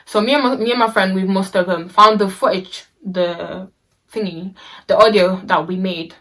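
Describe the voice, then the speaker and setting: A woman's voice: medium pitch, steady tone, moderate pace, a bit bright. A young woman telling a personal story in a casual vlog, chatty and slangy, with many fillers and restarts.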